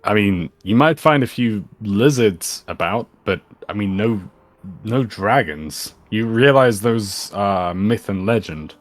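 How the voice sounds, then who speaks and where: A laid-back man chats as a player in a tabletop game, his low voice close and dry with no room sound. Faint music runs underneath. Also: lively intonation, slow pace, dry recording. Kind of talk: casual tabletop role-play.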